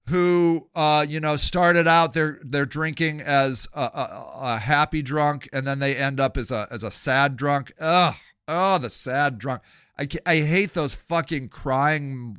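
A man's voice: mid-range voice, a bit bright, clear, resonant tone, dry recording, studio quality. A man hosting a podcast, talking in a blunt, profane, rambling casual monologue, sober for many years. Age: older. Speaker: podcast host.

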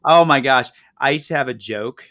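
A man's voice: mid-range voice, normal speed, no room sound. A man, co-hosting a podcast in casual chat and telling stories with lots of laughter. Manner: animated storyteller, laughs often. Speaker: podcast co-host.

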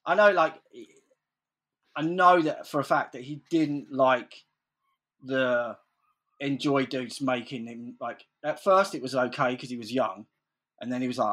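A man's voice: mid-range voice, normal speed, fairly bright tone, breathy edge. Rambling man swearing freely. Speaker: guest telling stories. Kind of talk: casual storytelling chat.

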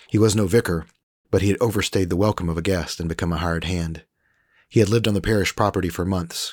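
A man with a low, husky voice narrating a scripted story. He reads in a measured, even way. The recording is dry and close, with no room sound. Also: dry recording.

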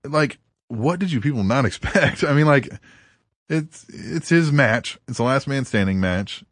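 Dude cohosting a podcast, swears a lot, laughs, reads tweets out, voice jumps all over, dry close mic. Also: male voice, mid-range voice, animated, measured pace, dry recording. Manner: crude, laughing, reads listener tweets aloud. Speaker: podcast co-host. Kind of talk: casual podcast chat.

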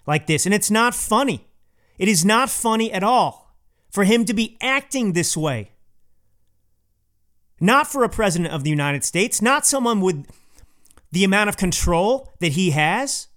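A man with a noticeably high voice hosts his own podcast. He delivers a political opinion monologue in an emphatic, indignant tone and repeats his points for stress. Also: fairly bright tone. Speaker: podcast host.

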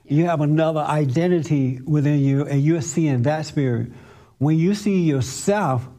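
A man's voice: a little high, mellow. A man giving spiritual counsel to a group in an emphatic, insistent way, repeating his points. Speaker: spiritual teacher.

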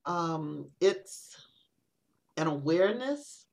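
A woman poet speaks in a lower register, reflective and unhurried. Her sentences stall and restart as she works toward what she means. It is a casual conversation on an interview podcast. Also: expressive, vocal fry. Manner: reflective, halting with many restarts.

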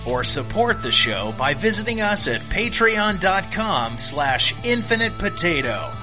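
A man reading a podcast outro in a measured, promotional way over a music bed. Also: sits high, very animated. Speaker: podcast host. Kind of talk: scripted outro.

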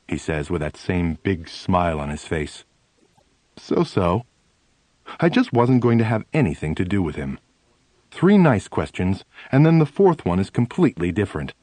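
Male audiobook reader, first-person memoir, animated storyteller, dry close sound. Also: deep voice, moderate pace, no echo. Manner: animated storytelling with shifting emphasis.

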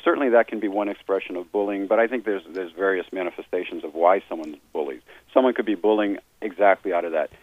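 A man's voice: low voice, quick pace, few pauses, no echo. Man explaining on a tinny phone line. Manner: earnest, explanatory, restarts phrases. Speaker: author and therapist guest. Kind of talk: conversational interview talk.

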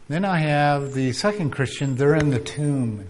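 A man preaching at a conference, animated and acting out quoted voices, sometimes dropping to a whisper. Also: fairly high pitch, a little slow, hardly any pauses. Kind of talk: conference sermon.

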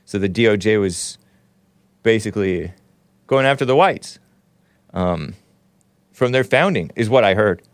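Lively, sarcastic male talk show host. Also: lowish voice, unhurried, long pauses, no echo. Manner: rambling, sarcastic, reads aloud and jokes with chat. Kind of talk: casual live-stream commentary.

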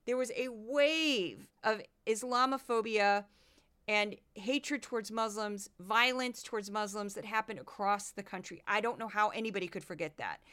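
A woman's voice: mid-range voice, bright, forceful tone, clean tone. A woman hosting a political commentary podcast, talking in an indignant, sarcastic way. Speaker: podcast host.

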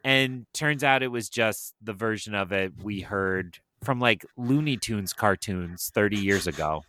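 A man's voice: on the low side, measured pace, pushed and bright, no echo. Wry, chatty man with a dry sound. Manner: wry, sarcastic, chatty with many fillers. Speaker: podcast co-host, film critic. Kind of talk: casual chat.

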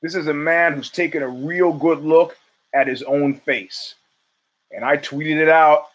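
A man's voice: fairly high pitch, measured pace, poor audio. Blunt, profane male podcast host. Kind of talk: opinionated sports commentary monologue.

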